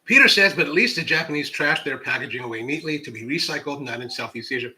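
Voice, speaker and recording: A man hosts a relaxed livestream, reading viewer comments aloud and riffing on them. He rambles and restarts often, in a fairly high, very bright voice. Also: fast, a little hiss or hum. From United States. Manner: rambling, many restarts, animated asides. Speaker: coffee channel host.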